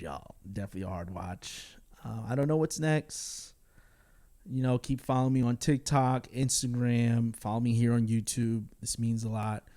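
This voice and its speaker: A man's voice: medium pitch, dark tone. Chatty man giving a casual film review. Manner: chatty, frequent ums and likes, laughs between words. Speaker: film vlogger. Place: after a cinema visit.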